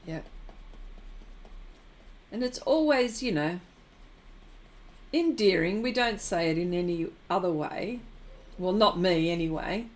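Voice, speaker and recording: New Zealand accent, middle-aged woman, art stream host, casual chat, frequent giggles, slow delivery. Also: lowish voice, expressive. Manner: giggly, laughs often between remarks. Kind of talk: casual chat while painting, reading viewer comments.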